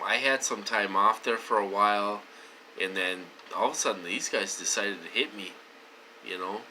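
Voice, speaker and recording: Rambling man with a bright edge. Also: slight background noise, low-quality recording. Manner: rambling and repetitive, with many fillers; swings between loud emphatic stretches and low mutters. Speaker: vlogger. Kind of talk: casual monologue to viewers.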